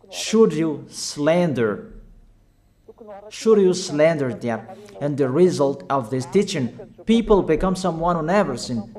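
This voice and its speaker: A man's voice: a little high, darkish tone. A man preaching a sermon in non-native English with grammar slips, delivering urgent, emphatic exhortations and repeating his commands.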